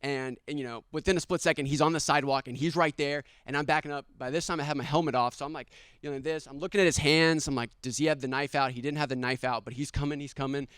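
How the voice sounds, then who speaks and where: A young man tells a personal story at a live storytelling night, animated and quick to laugh, punching up the quotes he acts out. His voice sits a bit high and comes across very clean. The sound is dry and close. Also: clean tone, dry recording.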